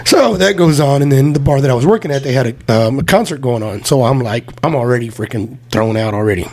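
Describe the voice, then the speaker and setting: On a casual podcast, a man tells profane drinking stories, acting out the quotes as he goes in an animated way. He speaks fast at a medium pitch.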